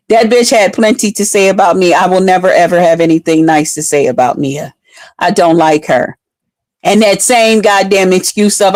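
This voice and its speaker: A woman's voice: medium pitch, a little mellow, no room sound. A woman on a live stream delivering a heated, profane, mocking rant.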